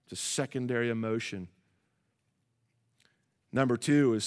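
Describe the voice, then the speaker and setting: A man with a somewhat high voice delivers a sermon as a pastor. He drops into quiet, low asides, then rises to loud, emphatic declarations, and he calls out questions for the congregation to answer. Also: lively intonation, moderate pace.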